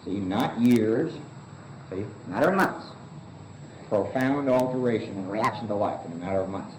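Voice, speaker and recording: A man's voice: on the low side, normal speed, darkish tone, slight background noise. Man teaching a Big Book study in an echoey room. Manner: asks the room questions and answers them himself, says "see" often. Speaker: study leader. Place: meeting room.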